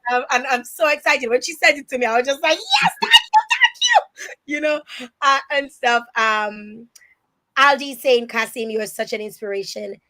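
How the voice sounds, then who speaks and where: A woman from Dominica hosting a live online interview, chatting warmly and reading viewer comments aloud with lively emphasis. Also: on the high side, moderate pace. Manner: animated and emphatic, many restarts. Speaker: host.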